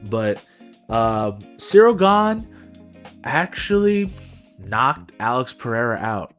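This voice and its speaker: A young man co-hosts a casual podcast, recapping fights in a slangy, animated way. He throws in his own punch sound effects, and his pitch rises and falls a lot. Faint guitar music plays behind him. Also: slow pace. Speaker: podcast co-host. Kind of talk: casual sports recap chat.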